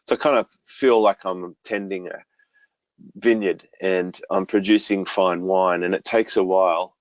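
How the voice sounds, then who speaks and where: A man being interviewed as a business coach, talking in a relaxed way and explaining ideas through homely stories and analogies. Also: low voice, unhurried, no echo, low-quality recording. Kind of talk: conversational podcast interview.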